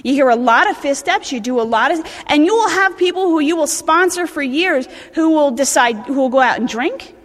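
A woman's voice: high-pitched, lively intonation, a little fast, few pauses, long reverb tail. A woman in her thirties with a New Jersey accent, speaking bluntly and animatedly at a recovery meeting, swearing and restarting her sentences. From New Jersey, USA. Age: 30s.

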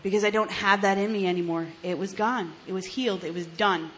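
Speaking briskly at medium pitch over a little hiss or hum, a woman in her 30s from New Jersey, US shares her recovery story. It's candid personal testimony: blunt, full of swearing, with restarts and laughter.

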